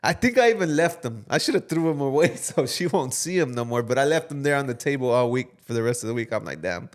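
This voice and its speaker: A man's voice: mid-range voice, lively intonation, quick pace. A man co-hosting a podcast, telling a story in a loose, casual way with some swearing. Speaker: podcast co-host. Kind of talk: casual chat.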